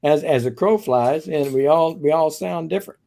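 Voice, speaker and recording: A man's voice: fairly high pitch, moderate pace, gravelly, mellow. A man with a Cajun-tinged East Texas accent, chatting easily on a live stream and laughing often. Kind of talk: casual chat. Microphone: new microphone.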